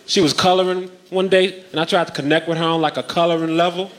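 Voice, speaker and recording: A man doing a stand-up comedy bit, telling deadpan stories and loudly acting them out. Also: a little high, fast talker, heavy background noise.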